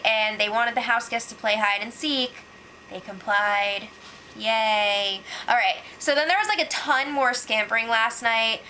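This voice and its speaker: Female vlogger, casual recap read, slightly high, bright tone, chatty filler-heavy delivery. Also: a little hiss or hum, rough recording. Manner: chatty, fills with "like", acts out quotes. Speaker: reality show recap vlogger.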